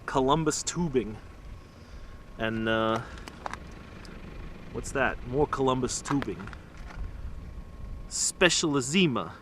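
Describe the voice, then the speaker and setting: A man chatting to the camera while trash picking outdoors at night, excitable, through a small camera-mounted mic. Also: mid-range voice, takes it slowly, long pauses, background noise. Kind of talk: casual vlog narration.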